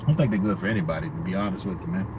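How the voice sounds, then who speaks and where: A man's voice: low-pitched, animated, racing, background noise. Joking man on a casual livestream. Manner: crude, joking, reads super chats, acts out skits. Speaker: boxing commentary host.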